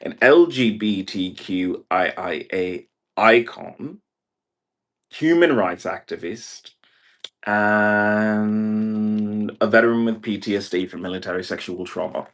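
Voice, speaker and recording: A man from Brazil rambles through a livestream monologue in an unhurried, drawn-out way, leaning on "like" in nearly every phrase. His voice sits on the low side for a man. He talks from an indoor room. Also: fairly bright tone. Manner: meandering, filler-heavy, 'like' in nearly every phrase.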